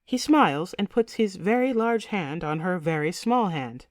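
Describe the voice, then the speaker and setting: Measured woman narrating an audiobook. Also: fairly low pitch, lively intonation, no echo, studio quality. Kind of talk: scripted narration.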